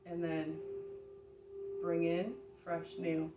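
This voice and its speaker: A woman who practises energy healing, gently talking viewers through each exercise step by step as she demonstrates it. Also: fairly low pitch, monotone, extremely slow, highs cut off, background noise. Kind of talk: guided exercise instruction. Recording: echoey room, mic at a distance.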